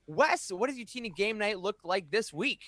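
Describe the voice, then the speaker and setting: Man, podcast host, upbeat, casual announcements, high voice, dry close sound. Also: lively intonation, normal speed, bright, forceful tone, no room sound. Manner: upbeat, reads updates.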